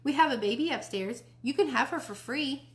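A small, mischievous boy who cannot stand his baby sister, speaking in a high, whiny, childlike voice from a read-aloud storybook, as a woman reader puts him on. His voice sits well above the reader's own. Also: animated, normal speed. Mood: cheeky.

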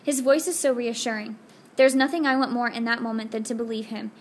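A woman's voice: on the high side, steady tone, brisk, a little hiss or hum. Woman narrating an audiobook, intimate. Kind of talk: scripted first-person narration.

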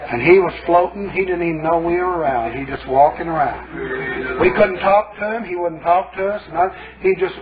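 A male pastor preaching a sermon in a folksy, colloquial storytelling manner. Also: fairly high pitch. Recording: lo-fi phone-like sermon tape.

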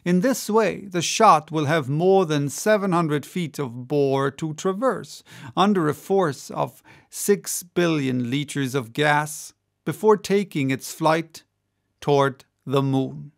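A man reading the part of a confident male president of a gun club, explaining calmly and at length in an audiobook. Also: fairly high pitch, slow, gravelly. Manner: calm, explanatory, lecturing.

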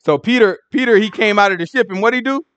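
Animated high-voiced man teaching scripture. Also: fast talker, clean tone, lo-fi sound. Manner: animated storytelling, acting out the scene in voices. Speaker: Bible study teacher. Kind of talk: casual Bible study teaching.

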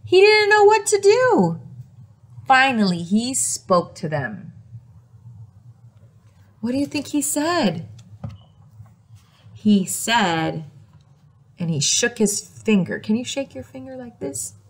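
A woman teacher reads a picture book aloud to small children, gasping for effect and pausing to ask them questions. Her voice sits fairly high and leaps all over in pitch, taken at an unhurried, deliberate pace. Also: expressive. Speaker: preschool teacher.

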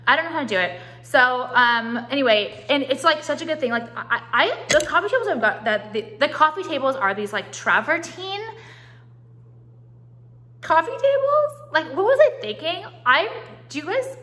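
A young woman vlogging casually at home on a phone camera, swearing often and talking in quick, restarting bursts full of "like". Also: sits high, big pitch swings, pushed and bright, a little hiss or hum. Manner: chatty, profane, full of "like" and restarts. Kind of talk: casual vlog chat. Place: at home, walking through rooms.

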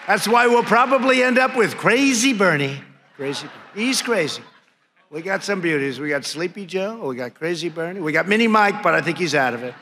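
It's a political rally: a man in his 70s at a podium mic, addressing a crowd in a large conference hall with boasts, mockery, repeated punchlines and nicknames. His high voice is animated, bright and forceful at a moderate pace, and the audio carries hall reverb plus crowd and room noise.

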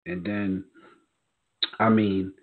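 Husky-voiced New man over a phone line. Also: sits low, extremely slow. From New York. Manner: animated, profane, acts out quoted voices. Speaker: podcast co-host. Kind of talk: casual storytelling chat.

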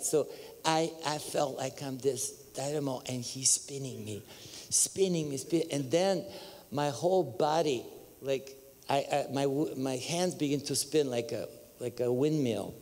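Bulgarian-accented preacher in a reverberant hall. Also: male voice. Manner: animated storytelling, bursts of laughter and high exclamations. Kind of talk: testimony sermon. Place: large church hall.

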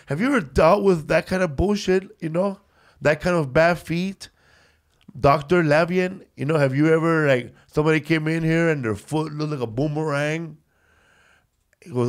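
A man's voice: on the high side, moderate pace. A man who hosts a comedy podcast, rambling through funny anecdotes in casual chat and saying "bro" constantly.

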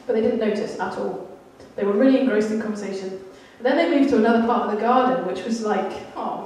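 A woman's voice: a little high, fairly quick, hardly any pauses, a little mellow. Woman preaching in an echoey hall. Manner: candid, self-deprecating storytelling. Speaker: church speaker. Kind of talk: sermon with personal story. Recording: echoey hall, mic at a distance.

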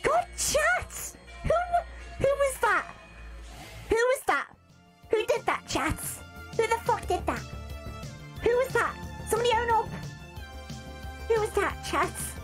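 A woman streamer chatting loudly and excitably with her viewers, swearing often, with music playing behind. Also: very high voice, slow pace, long pauses. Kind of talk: casual livestream chat.

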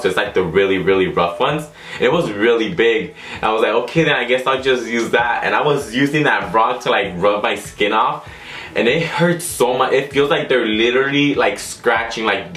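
A man's voice: mid-range voice, fairly bright tone. A young man vlogging casually, telling a rambling story full of fillers and restarts. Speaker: YouTube vlogger. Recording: echoey room.

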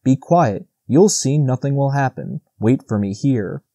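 A man's voice: mid-range voice, lively intonation, unhurried, mellow, dry recording, studio quality. A man voicing an earnest, anxious young male stag in an audiobook reading. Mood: resolute. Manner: pleading, earnest. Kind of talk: audiobook character voice.

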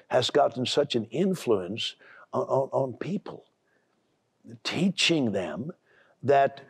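Brusque, gravelly-voiced man preaching on TV. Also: medium pitch, no room sound, clean studio sound. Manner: brusque, emphatic, repeats words when building up. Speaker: preacher and TV host. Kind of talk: televised sermon.

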